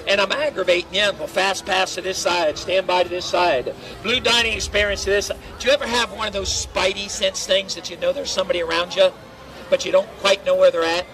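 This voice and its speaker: A loud, teasing middle-aged man with a fairly high voice entertains a waiting crowd outdoors at a theme park. He tells stories and jokes through a handheld voice amplifier. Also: flat delivery, fairly quick, poor audio. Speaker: theme park crowd-control cast member. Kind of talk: pre-show crowd warm-up storytelling.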